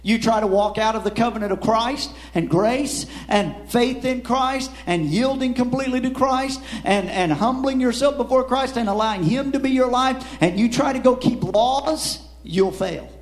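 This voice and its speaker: A man delivers a sermon in a high-pitched voice. He pushes his points with rising emphasis, then drops low, often stumbling over repeated words and closing with "Amen". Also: moderate pace, few pauses. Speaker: preacher.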